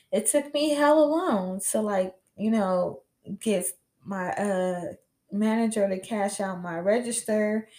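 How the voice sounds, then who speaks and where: A woman's voice: medium pitch, dark tone. Candid young woman telling her story. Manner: casual, rambling, heavy use of "you know" and "like"; candid and swears freely. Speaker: podcast host. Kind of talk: personal storytelling monologue. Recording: roomy echo.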